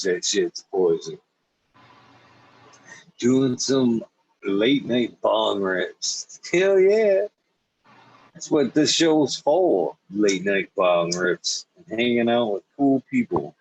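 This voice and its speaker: Slow husky man, laid-back host. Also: on the low side, a little mellow, muffled recording. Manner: laid-back, swears freely, slips into mocking voices while laughing. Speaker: podcast host. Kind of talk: casual late-night chat.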